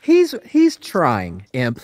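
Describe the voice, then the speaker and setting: A man co-hosts a podcast in a casual, joking way, throwing in profane quips. His voice sits at an average pitch and sounds dry and close. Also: wildly swooping pitch, a little mellow, no room sound. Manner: joking, profane, quick asides. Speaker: podcast co-host. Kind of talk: casual comedic chat.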